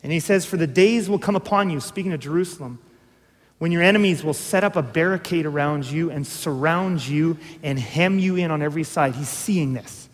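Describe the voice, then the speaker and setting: A man preaching a conversational sermon, moving between hushed and emphatic delivery. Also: a little high, fairly quick. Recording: long hall reverb.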